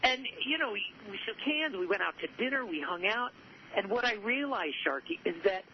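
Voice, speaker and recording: A man's voice: high-pitched, expressive, brisk. A man being interviewed about his book, telling stories in an earnest, upbeat way with frequent restarts. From southern California. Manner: earnest, repeats himself, upbeat. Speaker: author and guest. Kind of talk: conversational interview storytelling. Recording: muffled audio with faint noise.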